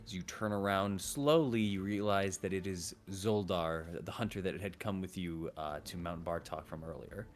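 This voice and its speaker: Low-voiced game master. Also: male voice, normal speed, few pauses, faint music behind. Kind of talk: narrating a tabletop game.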